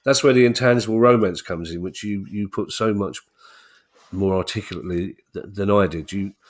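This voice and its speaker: A man's voice: low-pitched, brisk. A man co-hosting a podcast in casual chat, chatty and jokey with frequent restarts. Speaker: podcast co-host.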